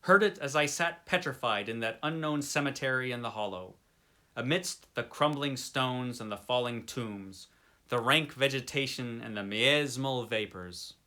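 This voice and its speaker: A man giving a dramatic, theatrical reading of a horror story. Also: mid-range voice. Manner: expressive, theatrical delivery. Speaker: story reader.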